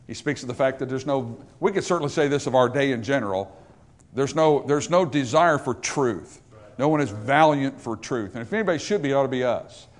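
A man's voice: mid-range voice, lively intonation, brisk. A man preaching a sermon, emphatic and conversational, asking the congregation rhetorical questions. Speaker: pastor.

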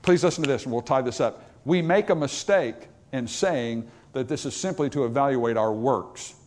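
A man preaching a sermon, emphatic, rising to loud, raised passages and dropping to quiet asides, reading scripture in old-fashioned wording. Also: medium pitch, moderate pace.

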